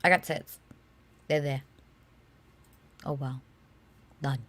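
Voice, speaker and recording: A woman co-hosting a casual livestream Q&A, animated and brash, laughing and swearing often. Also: rumbling low, slow. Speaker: co-host of a Q&A stream.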